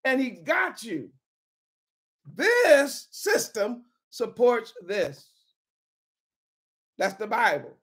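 Fairly high-voiced woman preaching a bible study, unhurried and emphatic, keeps repeating key words. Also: huge pitch swings. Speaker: Bible teacher. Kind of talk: informal sermon-style Bible teaching.

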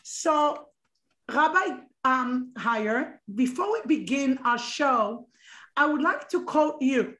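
Emotional high-voiced woman host, echoey room. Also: animated, slow, a bit bright. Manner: emotional, rambling with many restarts. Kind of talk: interview chat.

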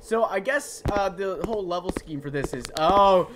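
Over a noisy background, a let's play gamer comments on a horror game, excitable and playful. He shouts at the scares and talks to the on-screen figures and his viewers in a mid-range voice at a moderate pace.

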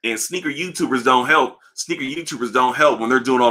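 A man hosting a livestream, ranting in a casual, profane way, animated and repeating himself. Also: medium pitch, fairly quick, few pauses. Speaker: livestream host. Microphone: livestream mic.

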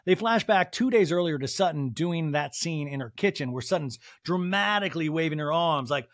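A man hosting a podcast, recapping a reality show in an animated, gossipy way and acting out the cast. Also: fairly high pitch, normal speed, hardly any pauses, no echo, clean studio sound. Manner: animated, gossipy, does impressions. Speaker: podcast host.

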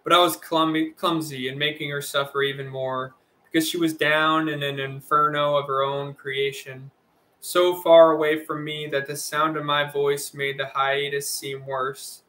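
An audiobook reader voices a first-person novel in a bright, fairly high male voice. He keeps a level tone and measured delivery, with little rise and fall in pitch.

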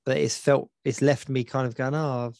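A man's voice: medium pitch, flat delivery, moderate pace, gravelly, darkish tone, dry recording. A man co-hosting a casual podcast chat, rambling and repeating himself as he searches for words. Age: adult with children. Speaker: podcast co-host.

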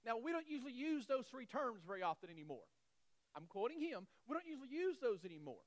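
A male pastor delivers a sermon with a lively, swooping pitch, leaning hard on repeated phrases. He speaks in a folksy, self-deprecating way to his congregation. The sound is dry and close. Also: quick pace, dry recording, low-quality recording. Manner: animated, emphatic, repeats key phrases.

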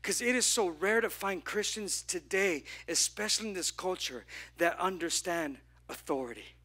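A man preaching a lively sermon at a church service. He acts out the people in his story and asks the congregation questions. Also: high-pitched, normal speed. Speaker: pastor.

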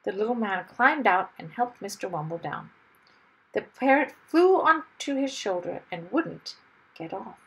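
A woman reading a children's story aloud with expressive, lively storytelling. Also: mid-range voice, a little slow, creaky, poor audio. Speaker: storybook reader.

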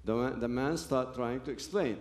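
A man's voice: mid-range voice, normal speed, darkish tone, roomy sound, a little hiss or hum. Man telling his story. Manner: earnest storytelling with broken phrases and restarts. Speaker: speaker giving a personal testimony. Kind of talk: personal testimony to an audience.

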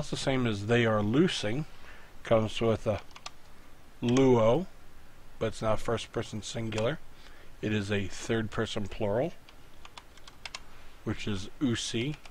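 A man teaching with slow, unhurried speech and a mid-pitched voice, patiently walking a student through a lesson. He talks into a desk mic at his computer, with a faint hiss in the background. Keyboard typing is heard now and then. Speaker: Greek teacher. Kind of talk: screen-recorded tutorial lesson.

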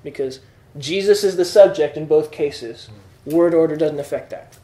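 A man's voice: fairly high pitch, normal speed, mellow. A man teaching a classroom lesson, explaining patiently and checking that students follow. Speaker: Greek teacher. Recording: echoey room.

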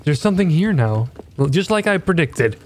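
A man's voice: a little high, very animated, normal speed, darkish tone, slight background noise. A man giving casual let's-play commentary, curious and talking to himself. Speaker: gaming YouTuber.

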